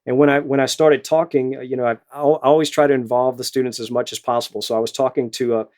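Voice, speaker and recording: A middle-aged man with a Louisiana accent, a retired high school band director telling stories in an interview, with many restarts and fillers. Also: flat delivery, fast talker, darkish tone. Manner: storytelling, many repeated words and fillers. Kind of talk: casual interview answers.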